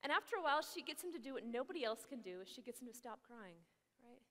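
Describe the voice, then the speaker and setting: A religious sister gives a keynote to a large crowd, telling stories with humor and acting out the voices in them. Her voice is bright and a little high. It carries through a big hall with long reverb. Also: quick pace. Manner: lively, animated storyteller acting out voices.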